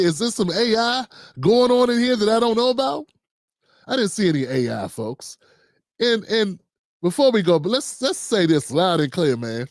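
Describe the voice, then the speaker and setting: A man hosting a livestream and delivering animated, sarcastic commentary. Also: sits high, normal speed, no room sound, clean studio sound. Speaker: show host and commentator.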